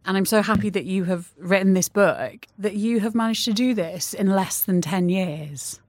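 A woman's voice: mid-range voice, moderate pace, a little mellow, dry recording. Woman podcast host, gushing and affectionate, dry sound. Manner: effusive and affectionate. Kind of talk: interview conversation.

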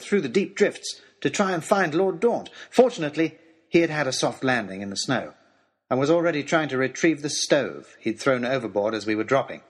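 A man reads an adventure storybook aloud with dramatic flair. His voice is a little high and lively, rising and falling with the action, with a husky grain. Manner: expressive, dramatic reading. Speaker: narrator. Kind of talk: storybook narration.

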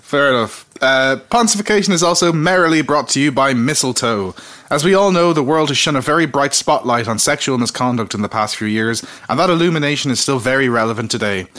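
A man co-hosting a comedic podcast, reading mock sponsor messages with a deadpan, sardonic delivery and frequent laughter. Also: mid-range voice, fairly quick. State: slightly tipsy. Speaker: podcast co-host.

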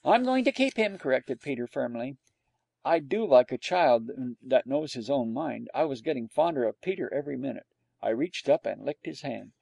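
Wry, gravelly male storyteller. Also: mid-range voice, moderate pace, warm tone, no echo. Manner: wry, dry humor. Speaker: audiobook narrator. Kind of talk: storybook narration as a dog.

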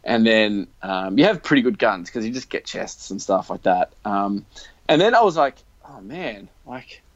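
A man's voice: lowish voice, very animated, normal speed. A young man, chatting casually as a podcast co-host and telling a rambling story, acting out the lines he quotes. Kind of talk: casual chat. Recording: dull, lo-fi, dry.

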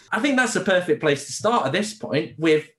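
A man's voice: high-pitched, sing-song, measured pace, a bit bright, echoey room. A man hosting a casual football podcast from home, rambling and swearing through laughing banter. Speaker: podcast host. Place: home during lockdown.

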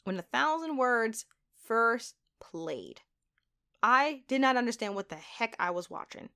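A woman's voice: on the high side, animated, unhurried, sharp tone. A woman hosting a solo podcast, talking in a gushing, emotional way with big swings in her voice. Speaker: podcast host.

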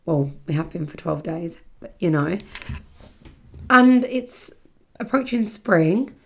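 A woman's voice: fairly low pitch, expressive, slow pace, creaky, a bit bright. A British woman hosting a casual solo podcast, chatting in a rambling way, full of fillers and self-corrections. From Britain. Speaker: podcast host. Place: home setting near the seaside.

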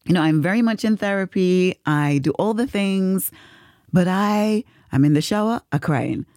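A woman's voice: on the low side, normal speed, a little mellow, no room sound, clean studio sound. A woman hosting a podcast, telling a personal story in casual chat, laughing often and acting out the voices of others. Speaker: podcast host.

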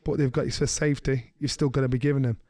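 A middle-aged man, co-hosting a podcast, telling a story in a lively way and slipping into the voices of the people he quotes. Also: mid-range voice, quick pace, no echo. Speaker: podcast co-host. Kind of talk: casual storytelling chat.

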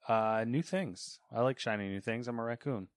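A man of middling pitch hosts a video game podcast, with dry, self-deprecating remarks that tail off quietly. The sound is close and dead dry. He keeps an offhand, casual tone. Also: moderate pace, no echo. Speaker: podcast host.

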